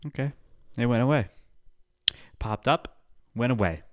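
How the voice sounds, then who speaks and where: A male podcast host talking solo in a rambling, profane pep-talk style, now and then breaking into loud outbursts. His voice sits at an ordinary middle pitch. The recording is dry and close, with no room sound. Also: expressive, measured pace, dry recording. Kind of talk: casual solo podcast chat.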